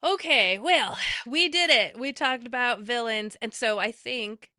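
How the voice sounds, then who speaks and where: Female podcast guest, eager and chatty, bright tense tone, dry close recording. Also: on the high side, a little slow, no room sound. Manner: eager, talks with lots of fillers and restarts. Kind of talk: casual chat.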